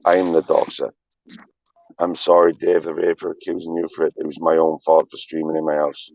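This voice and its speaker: Gravelly low-voiced man ranting on stream. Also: completely flat delivery, a little fast, a little mellow, no echo. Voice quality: gravelly, husky. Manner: emphatic, repetitive, swearing often. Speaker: livestreamer. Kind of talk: rambling confessional chat. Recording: dull lo-fi stream audio.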